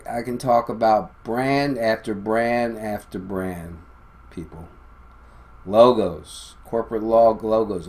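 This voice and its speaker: A man hosting his own video, talking casually and insistently to viewers, with an uneven pace and shifting loudness. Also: on the low side. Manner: insistent, emphatic, often addressing viewers as "people". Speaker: video host. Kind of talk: casual monologue to camera.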